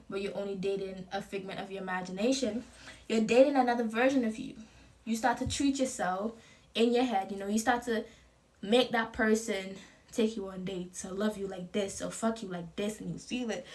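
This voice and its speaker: A young woman, talking casually at home to camera about confidence, loose and playful with lots of slang. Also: fairly high pitch. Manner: loose, profane and playful, laughs often. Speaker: vlogger promoting her clothing brand. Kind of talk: casual motivational talk to camera.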